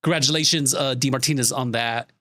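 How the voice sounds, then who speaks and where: A man's voice: mid-range voice, fairly quick, dry recording, studio quality. A male streamer telling an exasperated, swearing story to his chat in a casual way. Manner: exasperated, swearing, animated retelling.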